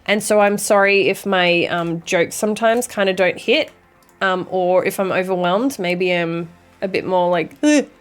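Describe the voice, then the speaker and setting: A woman's voice: fairly low pitch, fairly even intonation, a little slow, soft background music. A young woman streamer chatting casually with her viewers and reading chat aloud, with a dry, sarcastic sense of humor and sassy banter.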